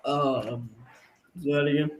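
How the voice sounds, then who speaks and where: Young guy student on a call, kinda high voice, echoey and far off, short unsure answers. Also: fairly even intonation, slow, a little hiss or hum. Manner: hesitant, brief replies. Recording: echoey, distant call audio.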